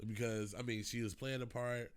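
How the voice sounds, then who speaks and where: A man's voice: medium pitch, little pitch movement, moderate pace, clear, resonant tone. Blunt man co-hosting a podcast. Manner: blunt, laughing, recounts scenes. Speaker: podcast co-host. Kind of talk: casual chat reviewing a documentary.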